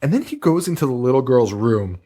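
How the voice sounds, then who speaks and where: A man's voice: medium pitch, lively intonation, a little fast, warm tone, slightly rough. A man co-hosting a podcast, recapping a horror movie in a casual, profane, laughing style of banter. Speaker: podcast co-host.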